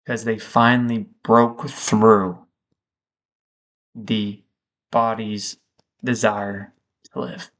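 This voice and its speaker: A man thinking aloud in a reflective vlog monologue, slow and halting, with frequent pauses. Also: fairly low pitch, level tone, fairly bright tone. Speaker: vlogger.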